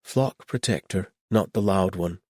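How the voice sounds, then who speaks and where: A man's voice: low voice, unhurried, darkish tone, no room sound, studio quality, voice pushed up. A man doing a blunt woman warrior. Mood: deadpan.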